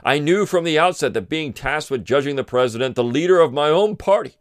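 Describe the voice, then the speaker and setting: A man's voice: fairly high pitch, lively intonation, no echo. Man, middle-aged, podcast host, sarcastic, mock-emotional, dry recording. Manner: mock-tearful, sarcastic pauses. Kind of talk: sarcastic political commentary.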